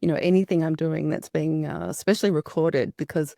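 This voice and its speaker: Low-voiced Australian woman, gravelly and warm. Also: fairly even intonation, fairly quick, no room sound, studio quality. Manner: upbeat, talkative, frequent fillers. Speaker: podcast guest. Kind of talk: conversational interview.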